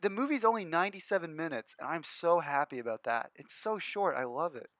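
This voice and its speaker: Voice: medium pitch, animated, fairly quick, a bit bright, slight background noise. A chatty speaker in casual conversation, enthusiastic about films. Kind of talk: casual chat.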